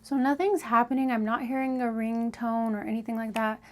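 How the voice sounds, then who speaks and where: A woman telling a personal story in a casual storytelling style, often dropping to a hushed whisper for suspense. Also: a little high, fairly even intonation, brisk. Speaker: storytime vlogger.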